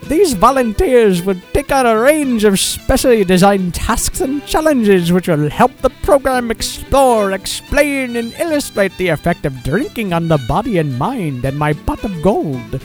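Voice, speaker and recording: A man's voice: high voice, sing-song, measured pace, few pauses, faint music behind, voice pushed up. A man voicing a chirpy mock newsreader with a put-on Australian accent, reading in a sing-song, bouncy way. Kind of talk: comic news reading.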